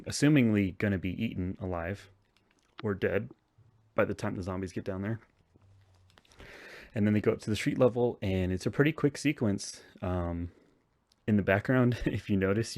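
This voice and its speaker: A man with a very low voice talks through a film plot in loose, rambling podcast chat. He hesitates with frequent ums and restarts and laughs often. The sound is close and dry, with no room echo. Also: darkish tone. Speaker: podcast co-host recapping a film. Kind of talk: casual chat.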